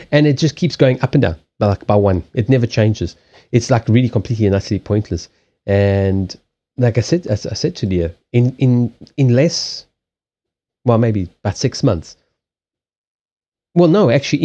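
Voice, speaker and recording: A man with a low, mellow voice chats loosely on a live stream, circling back on himself and swearing casually. He talks into a desk microphone, and the sound comes through dull and lo-fi. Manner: rambling, many restarts, casual swearing. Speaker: live streamer and card reader. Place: desk in a small home. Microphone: desk microphone on a stand.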